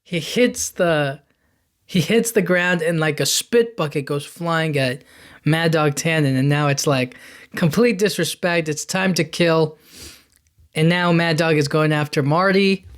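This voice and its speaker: A podcast host with a slightly high, clean voice gives a casual movie recap, rambling enthusiastically through the film's plot and dropping into quick quoted lines.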